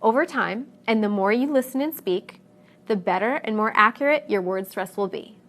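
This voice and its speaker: A woman narrating a scripted pronunciation lesson, speaking clearly and deliberately and stressing each example word. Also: mid-range voice, lively intonation, fairly bright tone. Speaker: English pronunciation teacher.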